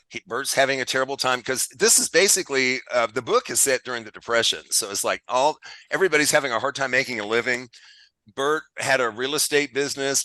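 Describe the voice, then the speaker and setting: A man's voice: mid-range voice, pushed and bright, no room sound, rough recording. A man hosting a podcast, casually retelling a film plot and acting out lines in put-on voices. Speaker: podcast host.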